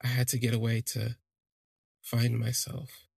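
A man's voice: mid-range voice, completely flat delivery, unhurried, creaky, a little mellow, slightly rough, no echo, studio quality. A man voicing a guarded, charming man in his story, giving brief, understated replies. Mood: quiet.

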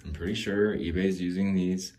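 A man's voice: sits low, fairly even intonation, moderate pace, darkish tone, a little hiss or hum. A man in his forties hosting a podcast, talking in a rambling, jokey monologue and laughing often. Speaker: podcast host.

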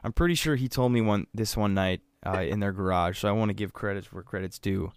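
A man's voice: on the low side, a little fast, smooth, dry recording, studio quality. A man co-hosting a casual podcast, telling a crude joke in a loose, profane way and laughing often. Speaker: podcast co-host. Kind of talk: casual chat.

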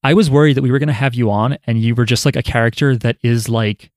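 Relaxed man hosting a podcast. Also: medium pitch, quick pace, no room sound, clean studio sound. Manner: loose, joking, swears casually. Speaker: podcast host. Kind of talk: casual podcast chat.

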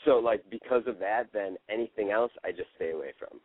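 A man calls in and chats casually, eager to jump in with his story. His voice is fairly low and comes through narrow and tinny like a phone line. The sound is dry and close. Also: a little fast, no room sound. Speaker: caller.

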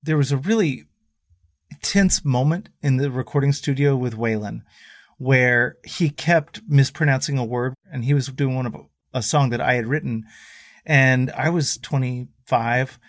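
A man guesting on a podcast, telling road stories in a casual, animated way and acting out the voices of people he quotes. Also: medium pitch, measured pace, no room sound, clean studio sound. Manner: animated storyteller who acts out quoted voices.

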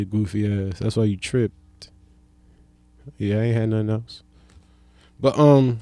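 In clean studio sound with no echo, a young man rambles through a profane stand-up bit. His loose delivery lurches from low muttering to sudden loud outbursts.

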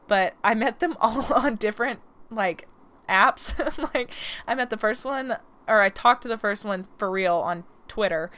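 Young woman, podcast host, smooth clear voice, slight lisp, rambling casual storytelling. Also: mid-range voice, a bit bright. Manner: chatty, rambling, laughs often.

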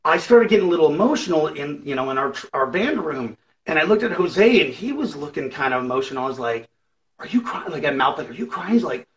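A man talks casually as a musician guest in an interview. His voice sits a little high. He rambles with many fillers and acts out what people said. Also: lively intonation, fast, few pauses, rough recording. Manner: rambling, full of fillers and acted-out quotes.

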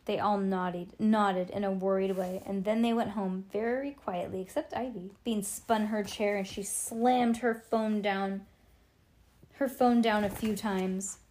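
A woman's voice: medium pitch, fairly even intonation, unhurried, darkish tone. Woman reading a kids' book aloud, playful. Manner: playful, adds chatty asides. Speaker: storybook reader.

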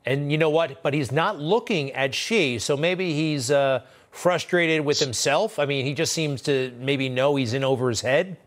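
A man's voice: on the high side, moderate pace, hardly any pauses. A man hosting a news interview, asking skeptical, wry questions. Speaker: news host. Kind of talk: conversational interview.

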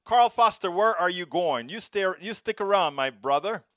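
Hosting a live stream, this middle-aged man from Panama reads viewers' comments with lively, expressive rolled R's and a Panamanian Spanish accent. He has a high voice at normal speed, recorded dry at studio quality.

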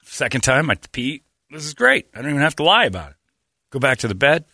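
A man holds the floor in a casual podcast chat, spinning an animated story and jumping into the voices of everyone in it. His tone is bright and forward, and the recording is close and dry. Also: mid-range voice, fast talker, gravelly, no echo. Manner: animated storyteller who acts out dialogue.

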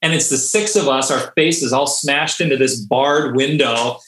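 A man who is a Navy diver, a podcast guest telling a story in a casual, animated way and often laughing. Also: medium pitch, unhurried, slight background noise. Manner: animated, laughing, acts out quotes. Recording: echoey room.

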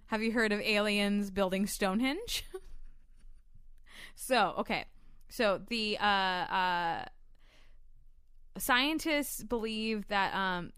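A woman's voice: mid-range voice, fairly bright tone, smooth, dry recording, studio quality. A young woman chatting casually as a podcast co-host, rambling, swearing freely and laughing often. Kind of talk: casual chat.

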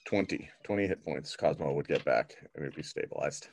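A man's voice: very deep voice, fairly quick, a little mellow, a little hiss or hum. A man playing a tabletop role-playing game, casually declaring his character's actions. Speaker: player.

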